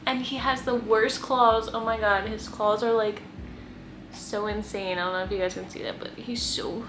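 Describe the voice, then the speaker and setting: A woman's voice: fairly high pitch, fairly even intonation, moderate pace, noisy background. A young woman chatting casually in her guest room, full of "like" and cooing baby talk. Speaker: vlogger fostering kittens. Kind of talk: casual chat to camera.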